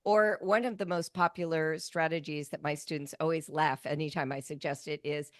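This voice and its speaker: A woman in her fifties with a fairly low voice talks through her teaching ideas as a guest, telling animated stories and acting out quoted lines. The sound is dry and close. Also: normal speed, few pauses, no echo. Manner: animated storytelling, acts out quotes. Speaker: writing educator, guest. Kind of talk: conversational interview.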